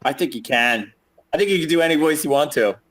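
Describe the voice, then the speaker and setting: A man's voice: on the high side, animated, fast, fairly bright tone, slight background noise. A man co-hosting a casual live call, laughing often and swearing freely. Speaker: co-host of a chart analysis call.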